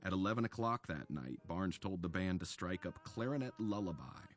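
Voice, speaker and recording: Brief: man, very low voice, measured documentary narrator, soft music bed underneath. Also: expressive. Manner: measured storytelling delivery. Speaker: author narrating a radio segment.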